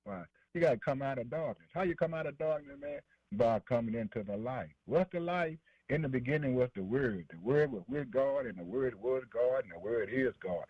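A man's voice: mid-range voice, lively intonation, normal speed, no echo. Man on dull dry radio. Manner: preachy call-and-response, fillers like man and boy. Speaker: preacher. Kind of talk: sermon.

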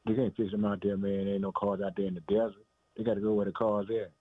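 A man's voice: on the low side, level tone, quick pace, husky, no room sound. Male preacher, emphatic and repetitive sermon delivery, dry, tinny phone-line sound. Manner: repetitive, emphatic, calls listeners "man" and "boy".

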